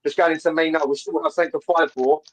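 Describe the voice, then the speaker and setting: A man's voice: fairly high pitch, steady tone, fast talker, rough recording. A man calling in to a fan show over a video call, talking passionately about football in a casual way with many restarts. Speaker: caller.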